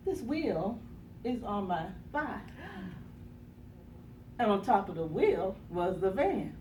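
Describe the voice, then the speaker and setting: A woman's voice: mid-range voice, sing-song, takes it slowly, pauses often, background noise. A woman motivational speaker telling a dramatic personal story, acting out the quotes with gasps and bursts of laughter. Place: conference room. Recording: echoey room from a distance.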